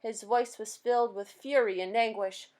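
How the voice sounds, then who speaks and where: A woman reading a children's book aloud in a plain, steady way. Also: a little high, normal speed. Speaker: storybook reader.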